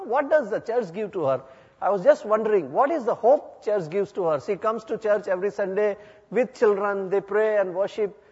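A man, a pastor telling a testimony in an earnest, halting way with many pauses and fillers. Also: a little high, breathy edge. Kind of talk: testimony storytelling. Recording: echoey hall, dull lo-fi sound.

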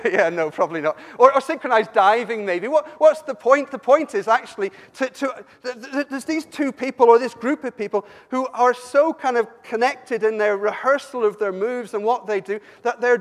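A man from Somerset preaching a sermon, animated and emphatic, often stumbling and restarting his words. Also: sits high. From Somerset, England. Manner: animated, rising to emphatic peaks, frequent stammered restarts. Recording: long hall reverb.

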